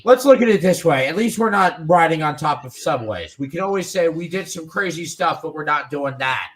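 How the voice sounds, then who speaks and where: A man's voice: on the high side, expressive, a little fast. A man hosting a casual podcast conversation, speaking in an earnest, explanatory way. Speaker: podcast host.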